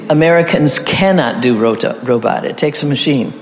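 A man's voice: medium pitch, lively intonation, brisk, creaky, hardly any pauses. A middle-aged man preaching an interactive sermon, playfully leading his audience through call-and-response repetitions. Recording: echoey hall with faint ambience.

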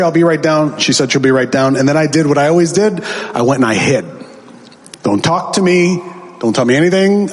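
A man's voice: mid-range voice, big-room sound. A man preaching a sermon, telling his testimony as a story and acting out the voices he quotes, building to emphatic peaks.

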